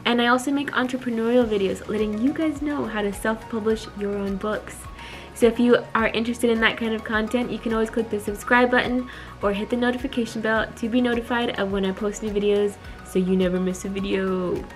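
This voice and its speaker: Woman host with a fairly high voice, talking directly to her audience to open a reaction video. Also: steady tone, fairly quick, faint music behind. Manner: chatty, addressing viewers directly. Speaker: channel host.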